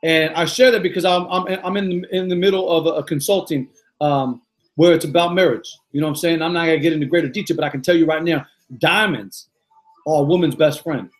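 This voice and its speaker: Brief: middle-aged male coach with a high voice, hyped and effusive, live pep talk to his followers. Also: steady tone, fairly quick. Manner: exuberant, repetitive, peppered with "yo" and "man". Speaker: motivational coach. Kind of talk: live motivational talk, greeting viewers.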